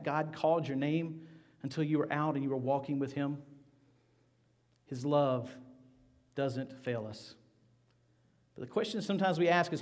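A middle-aged man preaching a sermon, rising loud for scripture reading and dropping to soft, hushed appeals. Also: a little high. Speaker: pastor.

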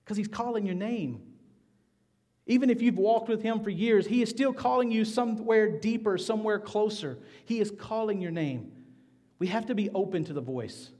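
A man's voice: high-pitched, moderate pace. Earnest man preaching a sermon. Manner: earnest preaching, rising to loud scripture reading, dropping to soft hushed appeals. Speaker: pastor.

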